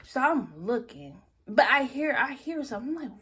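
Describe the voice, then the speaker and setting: A young woman vlogger telling a story time tale, acting out her own hushed reactions as she goes. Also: on the high side, sing-song, moderate pace, hardly any pauses.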